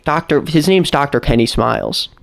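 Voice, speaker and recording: A man's voice: a little high, moderate pace, vocal fry. A man giving a blunt, indignant commentary on a video. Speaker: commentary YouTuber. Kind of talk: casual commentary.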